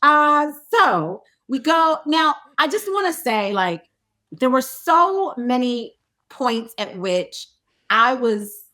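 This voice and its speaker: A high-pitched woman in her forties tells a story as a podcast guest. She is animated and laughs as she goes, and she insists on setting up each part herself. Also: takes it slowly. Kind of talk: casual chat, storytelling.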